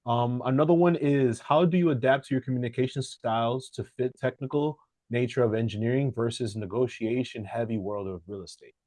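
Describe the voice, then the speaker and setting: A man's voice: mid-range voice, fairly quick, mellow, no room sound. A man interviewing a friend, affirming and friendly, with hesitant fillers. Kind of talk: casual interview.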